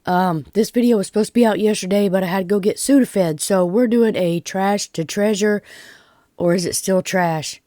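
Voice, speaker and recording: A woman's voice: mid-range voice, a little fast, hardly any pauses, mellow, no room sound, studio quality. A Southern woman talking through a craft project in a chatty, folksy, self-deprecating way, congested from pollen and a bit short of breath. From Tennessee. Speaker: DIY vlogger. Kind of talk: casual craft tutorial.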